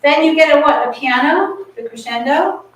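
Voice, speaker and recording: A woman's voice: sits high, lively intonation, moderate pace. A woman coaching a chamber ensemble, encouraging and singing musical phrases on nonsense syllables. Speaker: masterclass coach. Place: large echoey rehearsal room. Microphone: far camera mic. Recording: very echoey room, distant mic.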